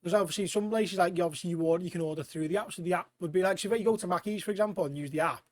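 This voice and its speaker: A man co-hosting a comedy podcast, talking in excitable casual banter and breaking into loud silly shouts and laughter. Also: high voice, rapid-fire. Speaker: podcast co-host.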